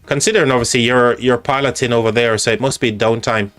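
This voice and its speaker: A man's voice: mid-range voice, steady tone, fairly bright tone, soft background music. Chatty English-accented man streaming. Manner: chatty, halting, with frequent restarts. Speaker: live stream host. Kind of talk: casual live-stream commentary.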